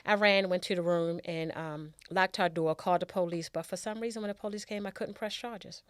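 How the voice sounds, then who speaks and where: A woman sharing a personal story as a guest, halting and restarting, repeating herself for emphasis. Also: fairly low pitch, fairly even intonation, clean tone, dry recording, clean studio sound.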